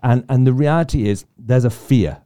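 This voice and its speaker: A man's voice: medium pitch, normal speed, dark tone. A man co-hosting a casual faith discussion, reflective and often restarting his sentences. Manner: reflective, self-interrupting. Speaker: podcast co-host.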